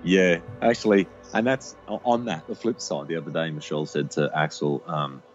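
A man, a podcast guest, talking reflectively about parenting in a halting, filler-heavy way. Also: rumbling low, steady tone, highs cut off, soft background music. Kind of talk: casual conversation.

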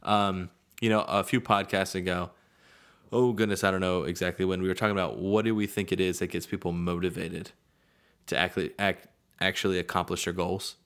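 A man with a low voice hosts a casual podcast in an easygoing, rambling way. He is in his thirties and pokes fun at himself as he chats. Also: fairly even intonation, a little fast, fairly bright tone, smooth. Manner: easygoing, rambling, self-deprecating. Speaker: podcast host.

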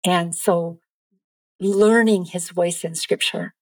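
A middle-aged woman speaking as a podcast guest, giving an earnest, lively faith testimony. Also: fairly low pitch, slow pace, no echo.

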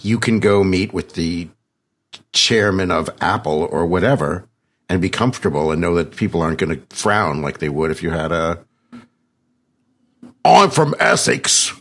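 A very deep man with a husky, slightly rough voice. He hosts a podcast with a loose, joking manner, poking fun at himself as he rambles. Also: moderate pace. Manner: jokey, rambling, self-deprecating. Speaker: podcast host. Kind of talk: conversational podcast interview.

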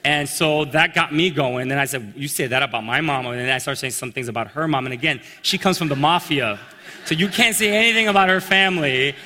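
A man telling a personal story in a sermon, animated and acting out the voices of the people in it. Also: fairly high pitch, brisk. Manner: animated storyteller, acts out quotes. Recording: long reverb in a large hall.

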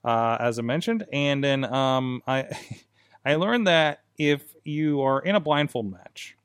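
A man's voice: mid-range voice, slow pace, smooth, no echo. Man recounting matches with laughs, dry studio. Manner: animated storyteller, laughs while recounting. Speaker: podcast host. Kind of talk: casual chat.

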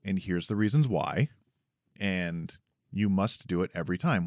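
A man's voice: deep voice, lively intonation, a little slow, no room sound, studio quality. A man co-hosting a podcast who explains his ideas at length in a thoughtful way, often restarting his sentences. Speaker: podcast co-host; parent. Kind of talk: casual chat.

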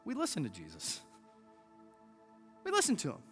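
A man's voice: a little high, wildly swooping pitch, normal speed, a bit bright, soft background music. A man pastor preaching a sermon, emphatic and asking the congregation rhetorical questions.

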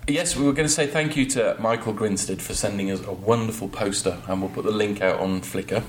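A man co-hosting a casual podcast, jokey and sweary with quick asides. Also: fairly low pitch, slight background noise. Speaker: podcast co-host. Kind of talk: casual chat.

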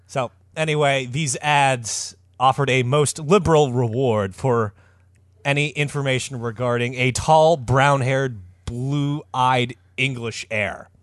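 A man's voice: mid-range voice, steady tone, slow pace, dry recording, studio quality. A man hosting a comedy podcast, retelling a story with mock-dramatic flair. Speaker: podcast host.

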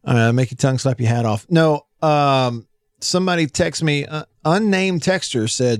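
A man with a Southern accent hosting a casual radio talk show, telling stories in a folksy, animated way. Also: on the high side, normal speed, dry recording, studio quality.

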